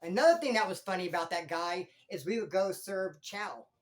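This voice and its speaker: A former prisoner hosting his own channel, telling stories in animated street slang. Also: high voice, a little fast. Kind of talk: casual storytelling vlog.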